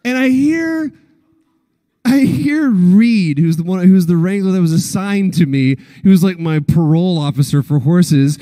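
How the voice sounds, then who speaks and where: A man's voice: measured pace, no room sound, studio quality, long reverb tail. A man in his thirties from Texas, telling a story on stage at a convention panel, acting out the quotes. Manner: animated storyteller, acts out quotes with big pitch jumps. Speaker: panel guest.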